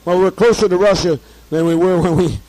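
A hoarse man telling a story in a fiery, profane monologue, repeating himself as he works up to shouting. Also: high-pitched, a little fast, no room sound, poor audio.

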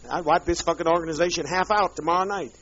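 A man's voice: a little high, steady tone, fast, fairly bright tone. Brief: man ranting at a group, bitter and profane, drawling, muffled old tape. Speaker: leader addressing a group. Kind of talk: angry profane rant. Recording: dull lo-fi archive tape.

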